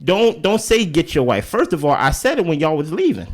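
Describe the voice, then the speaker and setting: An animated man co-hosting a reality show recap, his voice swinging widely in pitch as he hammers his points. He speaks a little higher than most men and repeats himself for emphasis in loose, casual chat. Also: brisk.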